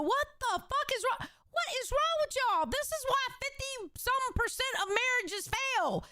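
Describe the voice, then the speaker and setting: A blunt woman reacting with plenty of swearing, her voice high and bright. The sound is dry and close. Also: sing-song, moderate pace, hardly any pauses, dry recording. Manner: blunt, profane, laughing. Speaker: co-host. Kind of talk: casual reaction commentary.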